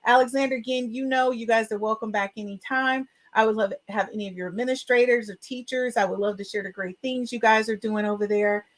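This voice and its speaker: Chatty upbeat woman hosting a podcast. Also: a little high. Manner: chatty, upbeat, frequent "um" fillers; expressive and emotional. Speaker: podcast host. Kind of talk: casual podcast talk.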